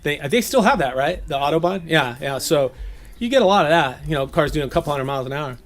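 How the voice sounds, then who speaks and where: A man from Southern California giving a relaxed, chatty sermon, laughing often and slipping into playful voices. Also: a little high, quick pace. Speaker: preacher. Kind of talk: casual sermon teaching. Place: gathering.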